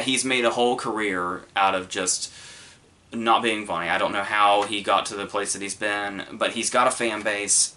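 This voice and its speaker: Man, podcast movie reviewer, lowish voice, bright and forceful, rambling, lots of ums, swears freely. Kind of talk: casual spoken review.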